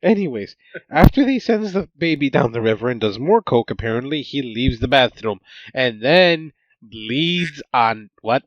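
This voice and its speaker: On a podcast, a man casually recaps a movie, cracking jokes, laughing often and tossing in exasperated asides. His medium-pitched voice is expressive and measured in pace, and the recording is dull, lo-fi and dry with no echo.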